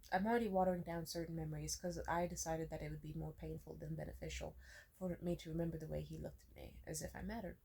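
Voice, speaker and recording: Young woman vlogger, low husky voice, ranting and swearing. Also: mellow. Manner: venting, swearing, questioning herself aloud. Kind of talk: emotional personal rant.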